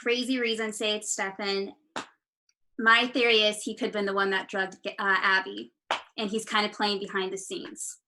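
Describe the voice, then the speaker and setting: A woman's voice: medium pitch, little pitch movement, moderate pace, sharp tone, a little hiss or hum. A woman co-hosting a soap opera recap podcast, eagerly floating plot theories. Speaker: podcast co-host. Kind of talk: casual chat.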